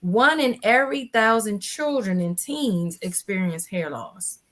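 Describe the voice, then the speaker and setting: With a medium pitch and a measured pace, a woman in her forties shares her own story as a panel guest in a casual conversation. She's animated, acting out other people's dialogue.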